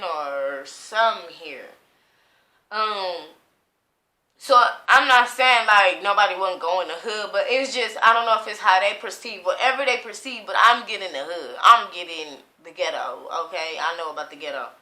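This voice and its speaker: Bright-voiced woman rambling through a tarot reading. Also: medium pitch, normal speed, echoey room. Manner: rambling, profane, stream-of-consciousness. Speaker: tarot reader.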